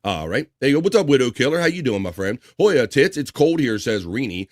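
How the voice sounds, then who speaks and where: A man with a middle-pitched voice hosts a casual stream, reading viewer comments aloud with frequent laughs. The recording is dry and close on a streaming mic. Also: sing-song, brisk, no echo, soft background music. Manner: chatty, laughs often, reads chat names aloud. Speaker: livestream talk show host.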